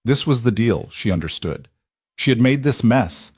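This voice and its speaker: A man narrating a scripted story in a measured, even storytelling manner. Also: medium pitch, husky, no room sound, studio quality.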